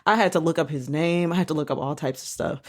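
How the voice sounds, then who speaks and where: Low-voiced woman hosting a casual podcast. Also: quick pace, a crowd in the background. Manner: animated, swears casually, sings snatches of songs. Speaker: podcast host. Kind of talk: casual chat.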